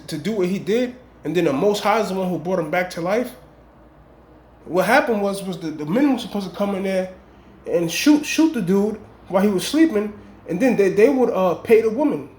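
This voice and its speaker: A man's voice: high voice, darkish tone, a little hiss or hum. A man telling a long dream story in casual, rambling street slang with emphatic warnings. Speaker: vlogger. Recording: echoey room.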